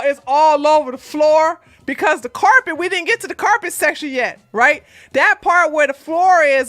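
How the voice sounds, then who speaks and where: A middle-aged woman, a channel host, casually telling a story from her days in police work, animated and breaking into laughter and loud outbursts. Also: high voice, no echo.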